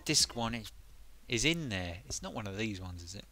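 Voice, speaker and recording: Male game streamer, lively pitch, rambling and self-mocking, music underneath. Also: normal speed. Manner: rambling, self-mocking, bursts into silly voices. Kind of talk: casual live commentary.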